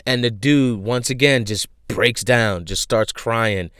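A man casually retelling a show he recommends, animated and full of fillers. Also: mid-range voice, takes it slowly, clear, resonant tone, dry recording, studio quality. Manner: animated storyteller, many fillers.

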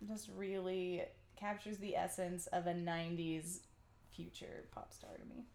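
A woman's voice: on the low side, fairly even intonation, gravelly, darkish tone. A woman co-hosting a podcast in casual chat, enthusiastic and giggling as she talks. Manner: giggly, enthusiastic, drawn-out delivery. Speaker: podcast co-host.

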